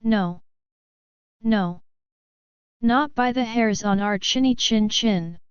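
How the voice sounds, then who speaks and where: A woman's voice: a little high, slow, clear, resonant tone, no room sound. A woman voicing three frightened but defiant little pigs in a storybook reading, refusing firmly. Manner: firm refusal. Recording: dull lo-fi recording.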